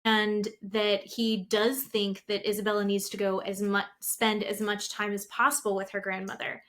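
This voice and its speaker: A woman's voice: mid-range voice, flat delivery, normal speed, fairly bright tone. A woman in her thirties co-hosting a podcast, recapping reality TV in gossipy casual chat. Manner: gossipy, acts out quotes with voices. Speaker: podcast co-host.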